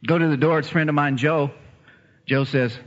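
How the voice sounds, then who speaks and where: A man's voice: fairly high pitch, a little fast, long reverb tail. A man preaching a sermon, telling a story and acting out the voices of the people in it. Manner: animated, acts out voices in his stories. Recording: dull lo-fi recording.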